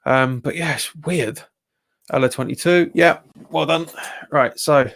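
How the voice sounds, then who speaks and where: Excitable Cockney-accented football streamer. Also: male voice, unhurried, creaky. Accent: Cockney-tinged London English. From England. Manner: exasperated, jumps up in pitch at bad calls, chats with viewers. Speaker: football fan livestreamer. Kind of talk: live match watch-along commentary.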